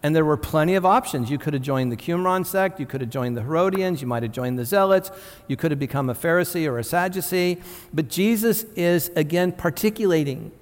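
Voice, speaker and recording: A man's voice: a little high, animated, a little fast. A man in his fifties preaching a sermon as pastor, in an earnest teaching tone with frequent restarts and asides. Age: 50s. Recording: reverberant hall.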